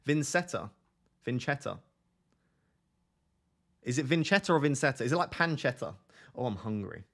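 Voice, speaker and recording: Gravelly-voiced man joking on a live stream. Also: medium pitch. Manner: jokey, reads viewer comments aloud and laughs a lot. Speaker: fantasy football streamer host. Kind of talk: casual live stream chat.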